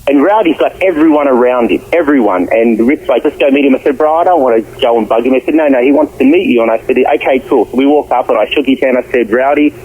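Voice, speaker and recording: A man's voice: mid-range voice, quick pace, hardly any pauses, slightly rough. Man on a phone line. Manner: animated, acts out quotes, slangy. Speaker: guest. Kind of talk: storytelling in a radio interview.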